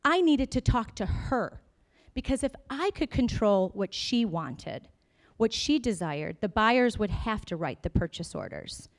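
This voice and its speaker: A woman's voice: mid-range voice, big pitch swings, unhurried. A woman in her forties giving a conference keynote, telling her story in a chatty way with sarcastic asides to the audience. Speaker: company founder giving a keynote. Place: conference stage before an audience.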